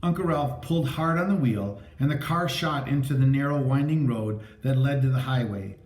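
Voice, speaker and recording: A man narrating a story aloud with a dramatic, lively reading. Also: medium pitch, moderate pace. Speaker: audiobook narrator. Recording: echoey room.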